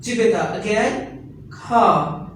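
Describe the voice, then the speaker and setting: A man teaching English pronunciation in a classroom, repeating each word slowly and patiently for his students. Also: high voice, fairly bright tone, slight background noise. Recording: echoey classroom recorded from a distance.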